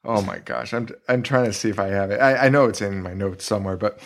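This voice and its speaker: A man co-hosting a horror movie podcast, excitedly retelling scenes in casual, profane chat. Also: fairly low pitch, fast. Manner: excitable, swearing, retells scenes with quoted voices. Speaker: podcast co-host.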